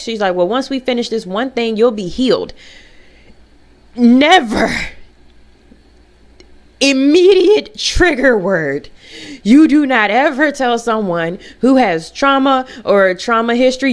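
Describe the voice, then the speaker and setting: In her vlog, the young woman recounts something that happened to her, chatty and energetic, switching now and then to shrill, teasing voices.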